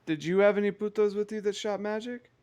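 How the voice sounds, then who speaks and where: A man's voice: high-pitched, steady tone, fast, darkish tone, clear, resonant tone. A man playing a tabletop game, speaking casually and easily. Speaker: player.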